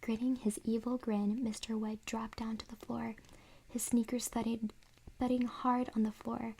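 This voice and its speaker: A woman reading a children's horror story aloud in a soft, unvoiced whisper, as whispered role-play. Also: fairly high pitch, level tone, a little slow, a little hiss or hum. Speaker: ASMR reader.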